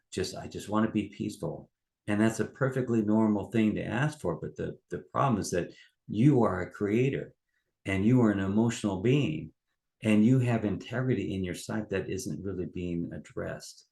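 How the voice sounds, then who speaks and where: Low-voiced man, rambling coaching talk. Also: creaky, darkish tone. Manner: loose and rambling, many fillers and restarts. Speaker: life coach. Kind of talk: casual monologue.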